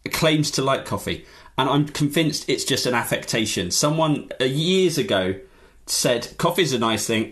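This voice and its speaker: A man guesting on a podcast, ranting in an animated, jokey way during casual chat. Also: mid-range voice.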